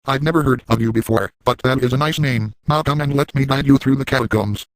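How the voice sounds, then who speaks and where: A man's voice: mid-range voice, fast talker, no room sound, close to an everyday voice, poor audio. Motherly female monster read plainly by a man, polite and formal, dry recording. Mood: gentle.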